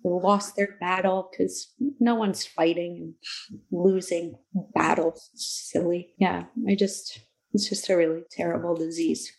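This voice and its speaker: A woman in her thirties, a guest in an interview, speaking slowly and reflectively about hard personal things. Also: lowish voice, little pitch movement, creaky, darkish tone. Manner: slow, reflective, emotional. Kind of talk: candid interview talk.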